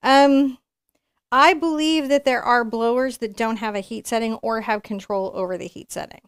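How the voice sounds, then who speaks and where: A woman's voice: fairly high pitch, fairly even intonation, normal speed, clean tone, no room sound, studio quality. A woman giving a live painting tutorial, chatting and encouraging as she works and thinking aloud. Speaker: painting instructor.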